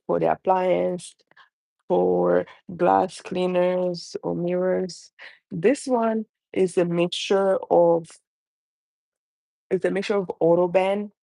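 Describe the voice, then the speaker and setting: Chatting from her kitchen on a live stream, a young caregiver mom vlogger speaks non-native English in a lowish, mellow voice with vocal fry. There is no room sound. She rambles casually and keeps restarting what she says.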